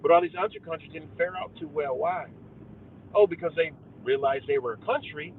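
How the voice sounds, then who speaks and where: A man's voice: on the high side, a little fast. A young man hosting a live stream, ranting heatedly and profanely to his viewers about conspiracies, calling them guys. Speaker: livestream host. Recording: tinny phone-like audio with faint car noise.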